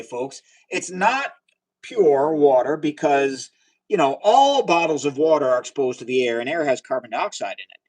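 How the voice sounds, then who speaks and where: A chatty, excitable man running a live chemistry demo and talking straight to his viewers. His voice sits a bit high for a man and swings widely in pitch, and he drifts from the mic now and then as he moves around his bench. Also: rough recording. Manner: chatty and excitable, talks to viewers, cheers at results. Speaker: livestream host doing chemistry experiments. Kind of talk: casual live science demo.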